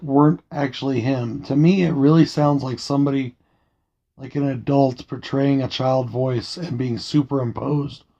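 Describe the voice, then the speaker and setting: A man talking quietly and casually through a movie review, late at night at home, in a soft, rambling way. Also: fairly high pitch, lo-fi sound. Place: home at night, dim room.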